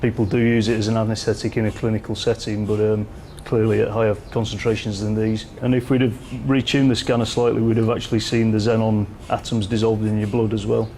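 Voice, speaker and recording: A man who is a medical imaging researcher, calmly giving instructions and explaining. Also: lowish voice, fast talker, hardly any pauses, a little hiss or hum.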